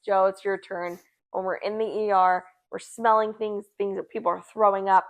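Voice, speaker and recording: A woman's voice: mid-range voice, moderate pace. A young woman co-hosting a podcast, telling a story casually and acting out the people in it. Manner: animated, acts out quoted voices. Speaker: podcast co-host.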